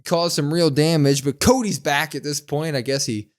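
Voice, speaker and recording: A young man co-hosting a wrestling podcast, retelling the show in a lively, casual way and slowing down to mimic the people he quotes. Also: a little high. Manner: animated retelling, slows to mimic quoted speakers. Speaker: podcast co-host. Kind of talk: casual recap chat.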